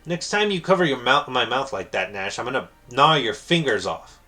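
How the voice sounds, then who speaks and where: A man voicing a rude, brash young male bandit with a gruff, crude manner. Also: mid-range voice, sing-song, normal speed, sharp tone, faint music behind.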